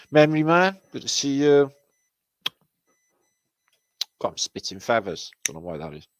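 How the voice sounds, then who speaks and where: In a lowish voice on a dry recording, a British livestream host works through viewer comments in casual chat. He rambles, stays sardonic, and swears nonstop.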